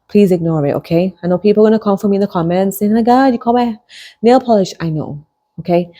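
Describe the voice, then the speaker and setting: A woman in her thirties hosts her own show and speaks straight to her audience. Her voice sits a little low, and she tells her story in a chatty, animated way, often breaking into laughter. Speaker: podcast host and hypnotist. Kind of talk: casual personal storytelling to camera.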